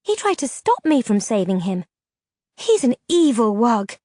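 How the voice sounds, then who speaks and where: A woman's voice: a little high, big pitch swings, measured pace, mellow, dry recording, studio quality. A woman voicing an anxious female creature, a mother who speaks in an earnest, trembling, formal way, in a fantasy audiobook. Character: anxious grass-covered creature mother, fearful.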